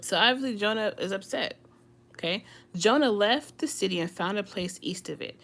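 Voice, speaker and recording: A woman's voice: mid-range voice, lively intonation, normal speed, fairly bright tone. A woman leading a casual Bible study, reading scripture aloud and explaining it in a chatty, conversational way.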